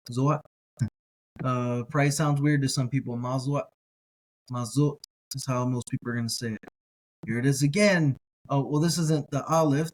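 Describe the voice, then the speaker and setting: A man teaching a slow reading lesson in Hebrew, repeating each word several times and correcting himself as he goes. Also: mid-range voice. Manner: careful, self-correcting.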